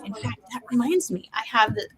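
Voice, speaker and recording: A woman's voice: on the high side, brisk, a crowd in the background, poor audio. A woman hosting a livestream, chatting loosely in a stream-of-consciousness way about health tips. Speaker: host. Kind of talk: casual health talk on a livestream.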